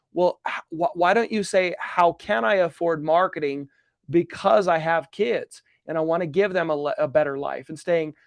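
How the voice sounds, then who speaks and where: A man's voice: a little high, creaky, dry recording. Earnest man giving a motivational talk. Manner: earnest, emphatic, repeats phrases for effect. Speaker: real estate coach hosting a live Q&A. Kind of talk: motivational live-stream talk.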